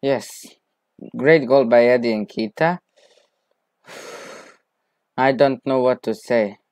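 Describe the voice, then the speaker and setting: This gaming video creator, a man, talks his way through a football management game at a slow drawl, then yells player names excitedly at big chances. The mid-range voice sits dry and close to the mic with no echo.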